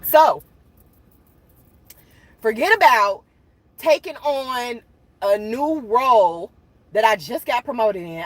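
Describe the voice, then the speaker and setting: Animated woman chatting, slightly high voice. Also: slow pace, pauses often, no echo. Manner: animated, laughs often, addresses viewers as y'all. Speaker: channel host. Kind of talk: casual chat to viewers.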